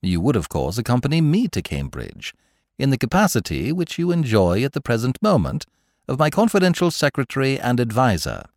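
A man playing a languid, verbose young gentleman. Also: medium pitch, huge pitch swings, a little fast, no room sound, studio quality. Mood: airy. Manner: elaborate, drawling formal phrasing.

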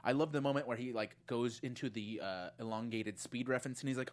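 A woman's voice: extremely low pitch, fast, hardly any pauses. A woman co-hosting a podcast, chatting casually about a show, acting out lines in voices with lots of fillers. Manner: animated, acts out quotes in voices, many fillers. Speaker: podcast co-host. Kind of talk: casual chat recapping a TV series.

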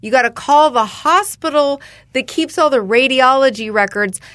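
A woman's voice: sits high, normal speed, a bit bright, dry recording. A middle-aged woman co-hosting a podcast, chatting casually and telling her own story. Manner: conversational, agreeing, storytelling. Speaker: podcast co-host. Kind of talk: casual chat.

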